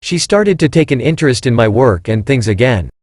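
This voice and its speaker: A man narrating a scripted first-person story in an even, unhurried reading manner. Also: medium pitch, no room sound, clean studio sound.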